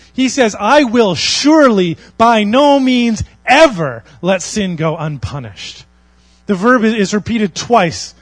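A man preaching a sermon as a pastor, earnest, swinging between loud emphasis and quiet intensity. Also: high-pitched, no echo.

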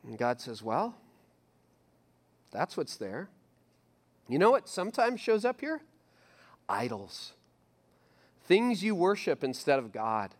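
Middle aged guy preaching a sermon, kinda high voice, animated, repeats himself a lot. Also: a little slow, long pauses. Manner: animated, acts out listeners' inner voices, repeats phrases. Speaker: pastor.

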